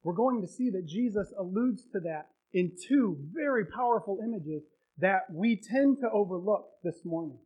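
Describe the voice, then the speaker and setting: A male pastor preaching a sermon, retelling a story with emotion and building to loud, heartfelt peaks. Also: high voice, lively intonation, moderate pace, poor audio.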